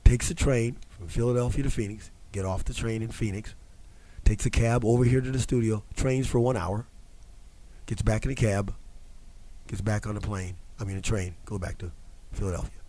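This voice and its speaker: A man's voice: fairly low pitch, steady tone, normal speed, long pauses, mellow. A man hosting a fitness talk show from a studio, telling a long story in a rambling, casual way with many restarts and fillers.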